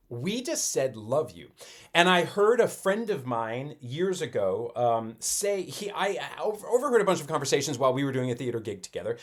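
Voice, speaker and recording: Animated middle-aged man telling stories. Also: medium pitch. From Colorado. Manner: animated storytelling, with quoted dialogue. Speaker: podcast co-host. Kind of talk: casual chat.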